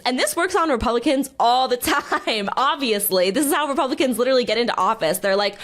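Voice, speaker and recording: Woman guest on a podcast, kinda high voice, fired up and arguing hard. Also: lively intonation, quick pace, hardly any pauses, a bit bright. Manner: impassioned, argumentative, emphatic. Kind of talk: casual political discussion.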